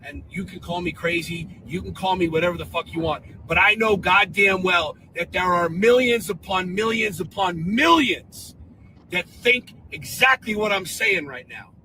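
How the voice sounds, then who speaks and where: A man's voice: high voice, lively intonation, moderate pace, pushed and bright, a little hiss or hum, poor audio. A man delivering a furious, profane, defiant rant, played as a clip. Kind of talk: angry video rant.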